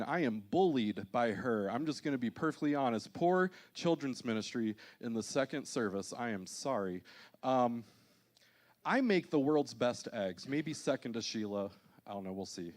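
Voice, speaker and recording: A man's voice: medium pitch, lively intonation, moderate pace. A man in his thirties, a pastor preaching a sermon to a church congregation, telling self-deprecating funny stories. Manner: humorous, self-deprecating storytelling. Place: church auditorium.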